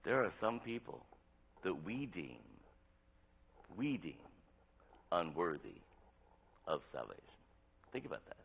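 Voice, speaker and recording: A man's voice: deep voice, big pitch swings, a little slow, creaky, long pauses, slightly rough. A man preaching an interactive sermon as pastor, talking in a conversational way and asking the congregation questions. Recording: tinny phone-like sound.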